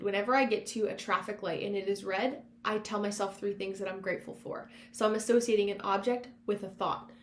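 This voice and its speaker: A woman hosting a self-help podcast, talking in an encouraging, conversational coaching manner, drawing on her past work as a counselor. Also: medium pitch. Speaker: podcast host; former counselor. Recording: roomy echo with faint hum.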